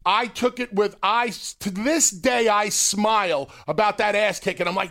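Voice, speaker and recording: A man, co-host and former wrestler, telling a story in casual podcast chat, animated and swearing freely. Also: extremely high pitch, slow pace, gravelly, hardly any pauses.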